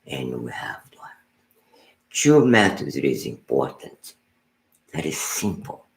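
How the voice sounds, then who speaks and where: A man with a low, gravelly voice teaches meditation as a Buddhist teacher, speaking slowly with lots of rise and fall. He halts, repeats words and restarts phrases, often sinking to a soft murmur. The sound is roomy and echoey. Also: very animated.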